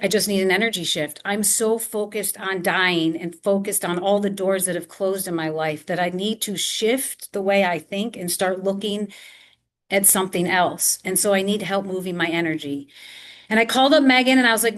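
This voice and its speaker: A woman speaks to an audience in a library, telling her own story. She acts out the quoted voices as she goes, and her pitch sits in a middle range. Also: moderate pace, a bit bright. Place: public library talk before a live audience.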